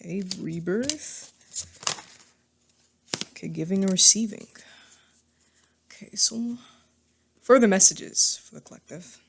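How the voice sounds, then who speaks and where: A woman's voice: medium pitch, slow, creaky, long pauses, background noise. A woman giving a casual tarot reading to camera, chatty and thinking aloud, often laughing at herself. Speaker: tarot reader.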